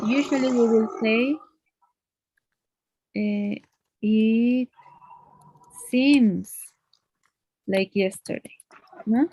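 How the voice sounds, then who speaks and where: A woman's voice: fairly high pitch, fairly even intonation, slow, long pauses, a little mellow. Patient woman teaching English grammar. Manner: patient, explains step by step with frequent tag questions. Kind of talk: one-on-one grammar lesson.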